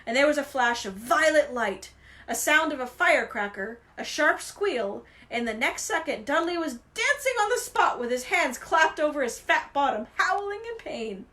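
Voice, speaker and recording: A woman reading a novel aloud with expressive, animated storytelling. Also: high voice, normal speed. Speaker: reader.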